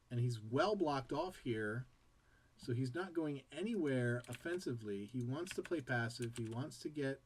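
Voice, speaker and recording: Dude casting a replay, rambly and chatty, goes off on tangents. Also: male voice, medium pitch. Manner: rambling, chatty, jumps between tangents and play-by-play. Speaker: game caster and show host. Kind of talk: casual game commentary.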